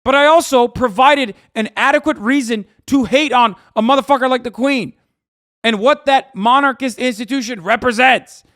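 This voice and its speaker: A man livestreaming, ranting angrily and profanely at his chat and often shouting. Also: extremely high pitch, normal speed, no echo, clean studio sound.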